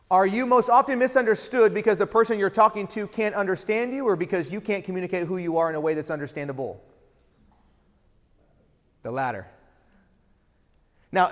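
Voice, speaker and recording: Fast-talking keynote man in a hall. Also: sits high. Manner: energetic, asks the audience rhetorical questions. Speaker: keynote speaker. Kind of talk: motivational keynote speech. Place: large event hall. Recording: hall reverb from a live event.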